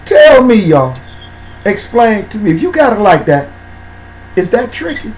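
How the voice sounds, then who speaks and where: A man hosting a casual talk show, speaking in slang and shouting out viewers by name. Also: high-pitched, very animated, a little slow, a little hiss or hum, poor audio. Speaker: host.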